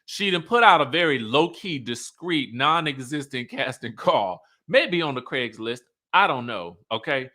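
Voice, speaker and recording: A man's voice: medium pitch, big pitch swings, unhurried, hardly any pauses, bright, forceful tone. A man recapping a reality show in a sassy, chatty way, full of asides and laughing at his own remarks. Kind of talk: casual show recap commentary.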